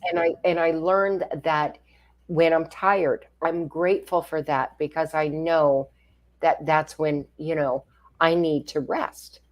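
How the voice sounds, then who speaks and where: A woman's voice: low voice, fairly even intonation, takes it slowly. A woman co-hosting a talk show, chatting encouragingly and asking rhetorical questions. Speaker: co-host. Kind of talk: conversational chat.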